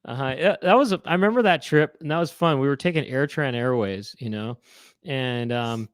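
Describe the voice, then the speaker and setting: A man in his forties co-hosts a casual chat show, rambling through stories and repeatedly cutting himself off. His voice is mid-range and fairly quick, with no echo.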